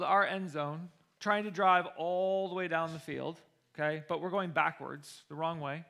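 A man who coaches football telling a personal story in a lively way, acting out the people he quotes. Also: high voice. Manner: animated, acts out the people he quotes.

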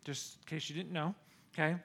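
A middle-aged American man preaching a sermon, telling a personal story with animated, excited bursts. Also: fairly high pitch, fairly quick, creaky. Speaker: pastor.

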